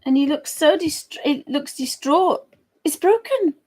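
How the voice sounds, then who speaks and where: A woman's voice: high-pitched, measured pace, a little mellow. A woman chatting casually and giggling as she draws live for viewers. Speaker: digital artist streamer. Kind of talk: casual chat while drawing live.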